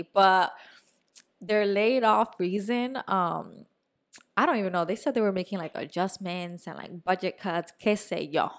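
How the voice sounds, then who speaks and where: A young woman co-hosting a podcast, telling a story in a casual, animated way, now and then swearing and dropping in Spanish words. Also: mid-range voice, unhurried. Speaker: podcast co-host. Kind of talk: casual chat.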